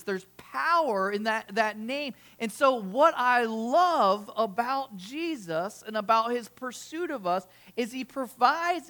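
A woman's voice: fairly high pitch, a bit bright. Chatty woman preaching a sermon. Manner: conversational, with frequent restarts and asides.

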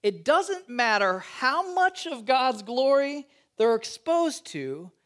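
A man preaching a sermon, reading scripture and adding chatty, joking asides in an animated way. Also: very high-pitched, slow pace. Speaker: pastor.

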